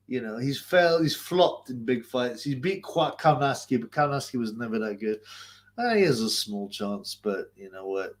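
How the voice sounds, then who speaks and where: A man, hosting a casual livestream, reading viewer comments aloud, rambling, swearing and laughing often. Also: medium pitch. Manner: crude, rambling, laughs often, repeats himself. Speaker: livestream host.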